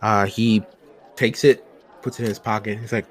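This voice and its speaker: A man narrating a tabletop role-playing game as game master, relaxed and descriptive. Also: on the low side, moderate pace. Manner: relaxed, descriptive, some fillers.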